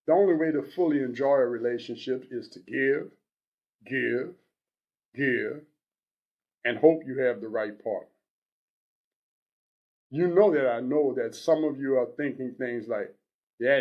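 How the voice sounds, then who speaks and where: A man in his sixties reading aloud as an older male advice columnist, blunt and earnest, in a measured, preachy delivery. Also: medium pitch, muffled recording, natural voice. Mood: advising. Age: 60s.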